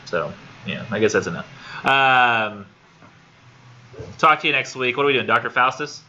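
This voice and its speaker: A man's voice: medium pitch, moderate pace, sharp tone. A man teaching a college literature class, talking casually and thinking aloud, often repeating words as he goes. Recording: dull lo-fi classroom recording with faint noise.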